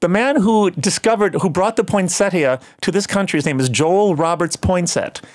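An older man with a slightly high voice chats in an interview and tells stories with animation. He breaks into brief mimicry of other people, then carries on explaining. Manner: animated storyteller who mimics people in quick asides. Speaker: guest, singer and plant grower. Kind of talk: casual interview chat.

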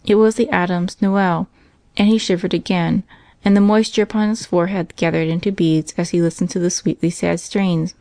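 A woman narrating a classic children's Christmas story in a calm, measured way. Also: on the low side, dry recording. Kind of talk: scripted narration.

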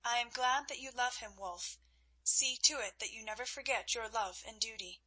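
A young noblewoman speaking in measured, grave words, stern yet gentle, read by a woman. Her voice is bright with a husky edge, a little higher than middle. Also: low-quality recording. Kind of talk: audiobook character reading.

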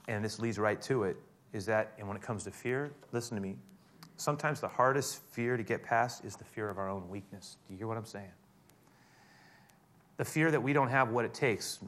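A pastor delivers a sermon in a bright, forceful voice of medium pitch. He is emphatic and speaks directly to his congregation, pressing them with questions and appeals to listen.

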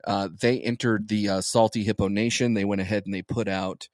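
A man's voice: fairly low pitch, fairly even intonation, a little fast, no room sound, clean studio sound. A man co-hosting a podcast in casual chat, rambling and repeating words as he goes. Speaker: podcast co-host.

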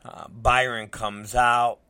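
A man's voice: medium pitch, level tone, slow, sharp tone, smooth, dry recording. A middle-aged man rambling through a casual anecdote, swearing freely and acting out what people said. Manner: rambling, swears a lot, acts out quotes. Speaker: storyteller.

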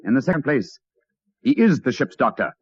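Sherlock Holmes, brisk and incisive. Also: male voice, medium pitch, big pitch swings, breathy edge, no room sound, soft background music. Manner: clipped and precise. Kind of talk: 1940s radio acting. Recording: dull dry old radio broadcast.

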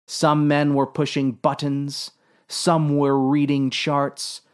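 A man narrating a comic story in a dry, unhurried, deadpan way. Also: fairly high pitch, clear, resonant tone.

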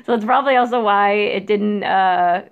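A woman chats casually on a podcast, animated and often giggling as she rambles through her thoughts. Her voice sits at an ordinary middle pitch. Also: normal speed, smooth, narrow, tinny audio. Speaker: podcast co-host. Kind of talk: casual chat.

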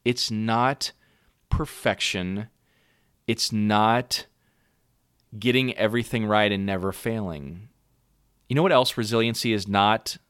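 A man's voice: fairly low pitch, takes it slowly, long pauses, a bit bright, clear, resonant tone, no room sound, studio quality. A middle-aged man, a parent coach hosting a podcast, talking earnestly and conversationally to caregivers and often checking in with "right?". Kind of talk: encouraging podcast talk to caregivers.

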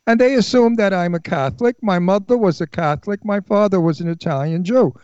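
A radio talk show host speaks in a high-pitched, fairly quick, smooth voice with a slightly mellow quality. He's blunt and opinionated, swearing freely in casual on-air chat. The radio studio recording is dry and dull, with a lo-fi sound and no room echo.

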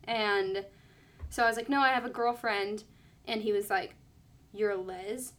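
A woman's voice: on the high side, steady tone, moderate pace, a bit bright. A young woman telling a personal story in casual chat, full of fillers and acted-out quotes. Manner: chatty, lots of "like", quoting others.

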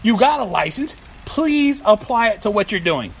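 A man's voice: sits high, very animated, normal speed, breathy edge. A man hosting a casual podcast, ranting and swearing constantly while cooking in his kitchen. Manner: profane, ranting, heavy swearing. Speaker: podcast host.

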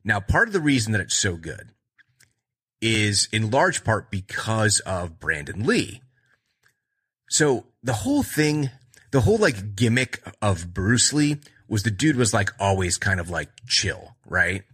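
A man's voice: on the low side, unhurried, slightly rough. A man retelling film scenes in a casual, rambling way, acting out the lines as he goes. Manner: rambling, animated retelling with acted-out quotes. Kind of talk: casual movie chat.

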